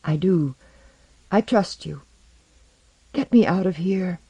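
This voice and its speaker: A reader voicing a young female king who is frightened and desperate, speaking rapidly and distinctly in a loud, high voice. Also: creaky, slightly rough, exaggerated voice. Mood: pleading. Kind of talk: audiobook character voice.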